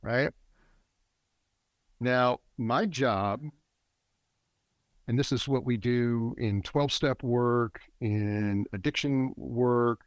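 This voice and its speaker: A man's voice: mid-range voice, no room sound. Earnest middle-aged man teaching. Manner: earnest, teaching tone that speeds up and slows down. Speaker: guest, men's work facilitator. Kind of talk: reflective interview talk. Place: a warm, quiet spot with a generator running nearby.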